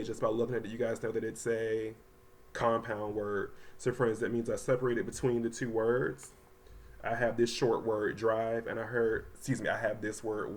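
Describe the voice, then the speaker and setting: A man teaching a third grade reading lesson to children at home, talking casually with many ums and slowly sounding out words. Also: lowish voice. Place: home, voice only over the packet pages. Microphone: close mic, not seen.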